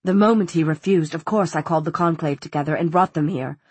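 Stern woman official in a storybook, clipped and formal, slightly husky, voiced by the woman reader. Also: deep voice, fast, no room sound. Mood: grave.

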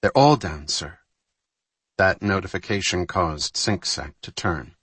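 A man reading a thriller novel aloud in measured, scripted audiobook narration. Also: low voice, lively intonation, a bit bright, slightly rough, no room sound.

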